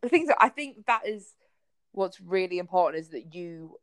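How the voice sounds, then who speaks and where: A woman's voice: lowish voice, expressive, normal speed, no room sound, studio quality. A young woman co-hosting a podcast, casual and joking, laughing often. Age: young adult. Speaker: podcast co-host. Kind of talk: casual chat.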